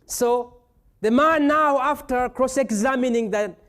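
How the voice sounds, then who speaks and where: A man's voice: extremely high pitch, a little slow, fairly bright tone. A man preaching a sermon as pastor, retelling a scripture story with playful asides.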